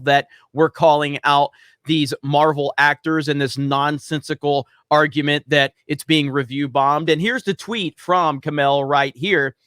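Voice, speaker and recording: A man talks through his video commentary in a sarcastic, matter-of-fact tone. His voice sits a little high, and the recording is dry and close, with no room sound around it. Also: fairly even intonation, a little slow, a bit bright, clean tone, dry recording. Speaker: YouTube commentator.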